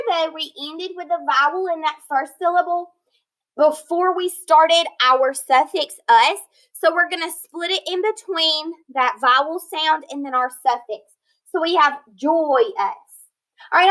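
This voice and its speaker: Woman, phonics teacher, high bright pitch, deliberate sounding-out, encouraging check-ins. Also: rough recording. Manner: slow, deliberate, sounding out word parts. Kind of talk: recorded online lesson.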